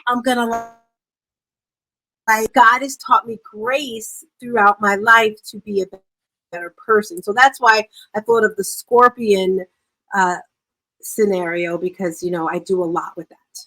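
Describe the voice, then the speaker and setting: A woman author talking about her book in an interview, telling stories in an animated, upbeat way. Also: fairly high pitch, a little slow. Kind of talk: casual interview talk.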